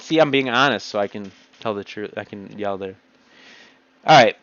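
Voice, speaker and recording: A man's voice: lowish voice, slow, pauses often, a bit bright, no room sound. A man in an agitated, blunt ranting monologue, speaking straight to his computer. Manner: blunt, agitated, heavy swearing. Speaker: vlogger. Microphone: home computer mic. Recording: dull lo-fi dry recording.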